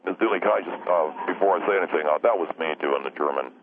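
A man's voice: sits low, fast talker. A man playing a forgetful, rambling young caller who keeps apologising and losing his train of thought. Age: young adult. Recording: tinny phone line with faint noise.

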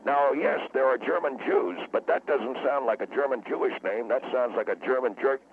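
A man voicing a hot-tempered, blustering male guest with a gravelly voice that flares into shrill outbursts, as a comic radio character. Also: moderate pace, slight background noise, close to an everyday voice. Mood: lecturing. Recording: tinny phone line.

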